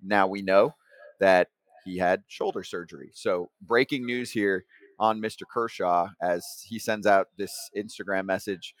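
A man hosting a sports podcast, talking in an excited way and laughing easily. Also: low voice, measured pace, no echo. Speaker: podcast host.

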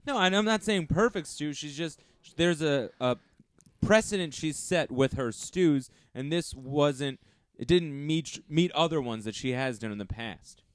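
A man's voice: a little high, animated, clear, resonant tone, no echo, clean studio sound. A man improvising a comedy bit, stammering and laughing as he talks. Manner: halting, stammering, laughs often.

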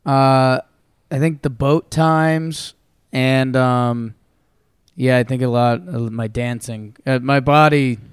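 A man's voice: mid-range voice, steady tone, takes it slowly, clear, resonant tone, no echo. A man co-hosting a podcast, chatting casually with dry, offbeat quips and some hesitation. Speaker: podcast co-host. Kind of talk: casual chat.

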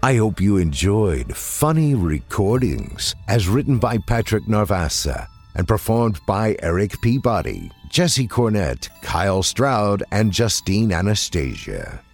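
Deep, gravelly horror podcast host. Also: male voice, big pitch swings, faint music behind. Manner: slow, ominous, deliberate. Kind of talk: scripted podcast outro.

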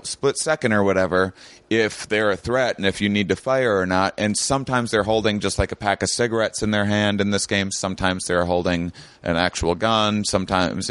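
Male comedian guest, low and smooth, relaxed explainer, swears easily; dry sound. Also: no room sound. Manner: laid-back, explanatory, swears freely. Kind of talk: casual chat.

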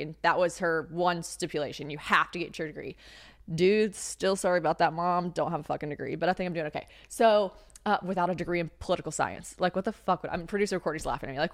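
A woman in her late twenties, a podcast host, chatting casually with lots of swearing and self-mocking asides. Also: fairly low pitch. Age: 20s. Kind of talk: casual chat.

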